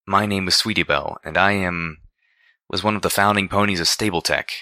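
Man voicing a sweet pony mare, calm, reassuring, low voice, dry recording. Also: a little fast, no room sound, full character voice. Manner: calming and reassuring.

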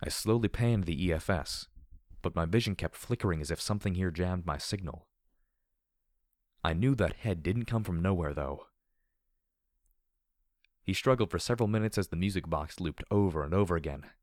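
A narrator with a very low voice reads dark fan fiction, an adventure story, as an audiobook in a steady, measured manner. The sound is close and dry, without any echo.

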